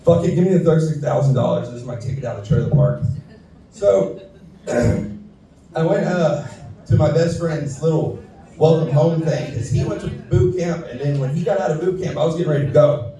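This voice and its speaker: A stand-up comedian from Houston, Texas, tells profane stories on a saloon stage, acting out the people in them in a slightly high, mellow voice at normal speed. The set was captured from far off in an echoey room.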